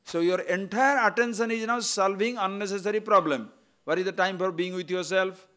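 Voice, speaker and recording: An older man, giving a spiritual discourse full of rhetorical questions and repeated words, his pitch and loudness rising and falling widely. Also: brisk. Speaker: spiritual teacher.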